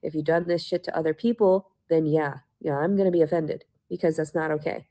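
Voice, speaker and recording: A woman's voice: low voice, fairly even intonation, brisk, mellow. A woman ranting to her viewers in a mocking, sarcastic way, swearing often and laughing to herself. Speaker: vlogger.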